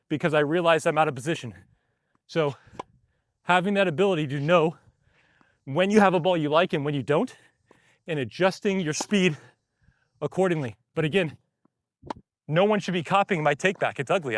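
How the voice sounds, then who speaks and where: A man's voice: a little high, fairly bright tone, no echo, clean studio sound. A man teaching tennis while he rallies on a court, a bit out of breath, explaining in short bursts between shots. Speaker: tennis coach.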